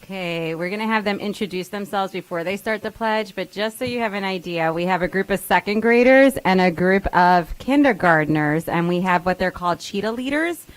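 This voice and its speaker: A woman's voice: mid-range voice, brisk, few pauses, low-quality recording. A woman teacher explaining a student mentoring program to a school board meeting.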